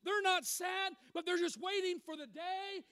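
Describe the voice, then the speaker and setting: High-voiced emphatic male preacher. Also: normal speed, dry recording, clean studio sound. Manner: emphatic, swings from loud declarations to quiet asides. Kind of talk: sermon.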